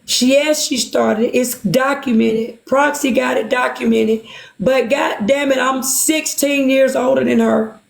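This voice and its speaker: A high-pitched woman pours out her feelings to her supporters, passionate, blunt and full of curses. Her voice bounces around a roomy, echoing space. She scolds herself as she speaks. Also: fairly even intonation, unhurried, gravelly. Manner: impassioned, profane, self-reproaching. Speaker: livestream host. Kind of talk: emotional livestream talk.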